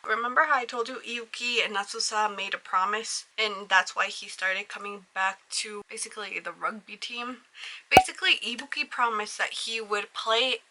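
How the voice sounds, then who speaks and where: A woman's voice: mid-range voice, moderate pace, background noise. A young woman hosting an anime video, recapping and reviewing a show in a rambling, gushing way and leaning constantly on "like". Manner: rambling, leans heavily on "like" as filler; gushing and excitable.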